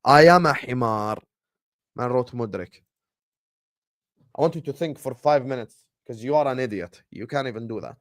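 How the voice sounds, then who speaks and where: A young man hosting a casual football livestream, animated and teasing, swinging between loud bursts and hushed asides. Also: medium pitch, normal speed, long pauses, dry recording, studio quality. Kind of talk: casual fan livestream rant.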